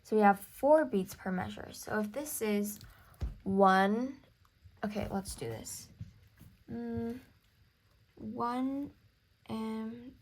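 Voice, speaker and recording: A woman's voice: fairly high pitch, takes it slowly, pauses often, darkish tone. A young woman teaching a music theory lesson, counting beats aloud and apologizing for small slips.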